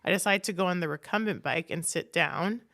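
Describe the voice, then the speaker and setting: Canadian woman on a podcast, low-ish creaky voice, blunt and chatty, says like a lot and swears casually. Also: fairly quick, a bit bright. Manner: frank, peppered with "like", swears casually. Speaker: podcast guest. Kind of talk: candid conversational storytelling.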